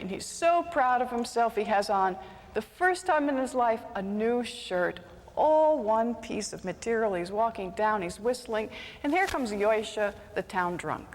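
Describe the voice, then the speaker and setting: A woman telling a folk tale aloud with animated, dramatic delivery, shifting into character voices. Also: mid-range voice, long reverb tail. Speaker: storyteller. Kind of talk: live oral storytelling.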